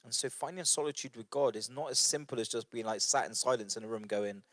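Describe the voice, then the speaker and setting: A man's voice: medium pitch, steady tone, fast talker, no echo. A man leading a church book study group in an informal devotional talk. He sounds earnest and conversational, with fillers and repeated phrases.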